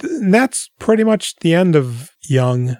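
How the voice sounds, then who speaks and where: A man's voice: on the high side, takes it slowly, no echo, clean studio sound. Man rambling through a film recap. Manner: rambling, animated scene-by-scene retelling. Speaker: podcast host reviewing a film. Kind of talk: casual film podcast chat.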